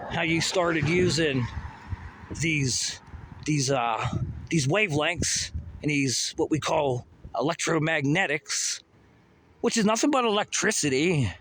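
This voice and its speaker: Walking and talking outdoors, a man vlogger rambles and curses, addressing Russia directly. His voice is a little high and a bit bright, recorded on a handheld phone by a road with outdoor noise and passing vehicles.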